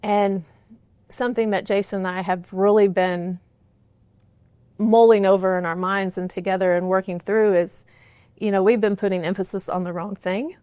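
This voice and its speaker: A woman's voice: mid-range voice, fairly even intonation, normal speed, a little mellow, clear, resonant tone, dry recording. A middle-aged woman answering interview questions in an earnest, candid way, often saying "you know", in a studio. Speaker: guest, horse trainer's wife and business partner.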